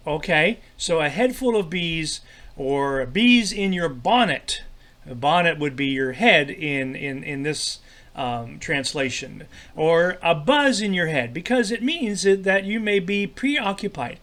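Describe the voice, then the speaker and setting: A man teaching a children's devotional lesson in a friendly, halting way, full of fillers and repeated words. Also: a little high, expressive, fairly bright tone.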